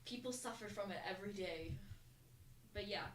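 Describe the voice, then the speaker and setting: A woman's voice: medium pitch, normal speed, fairly bright tone, slight background noise. Casual podcast co-host, woman, giggly and talkative; roomy echo, sits back from the mic. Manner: giggly, chatty storyteller. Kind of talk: casual chat. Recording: roomy sound from a distant mic.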